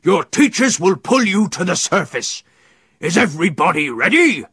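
A man's voice: high voice, very animated, moderate pace, a bit bright, husky, no room sound, clean studio sound, exaggerated voice. A man voicing a menacing pirate captain who roars out commands in a storybook reading. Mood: commanding. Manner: roaring commands.

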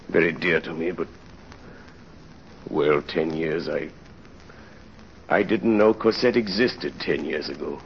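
An actor playing a tormented aging ex-convict father in an old-time radio drama, speaking in a somber, halting way. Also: sits low, muffled recording, slight background noise.

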